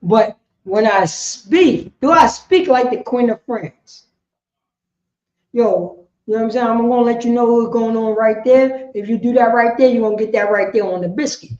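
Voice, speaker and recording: A woman's voice: a little high, normal speed, a little mellow. A woman leading an informal group lesson, quizzing her listeners and often asking "you know what I'm saying?". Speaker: class leader. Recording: echoey room, dull muffled sound.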